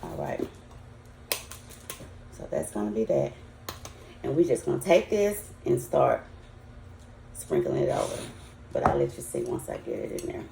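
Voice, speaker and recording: Rumbling low and gravelly, her voice swings hugely in pitch, unhurried and mellow, with frequent pauses and a bit of hiss or hum. An older Southern US home cook, she chats folksily to viewers of her casual cooking vlog from a roomy, echoey kitchen.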